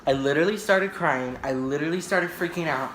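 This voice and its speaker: A man's voice: fairly high pitch, fairly quick, a bit bright, slight background noise. A man vlogging on camera indoors, telling a story in a dramatic, rambling way and often checking in with "right?". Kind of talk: storytime vlog. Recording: echoey room.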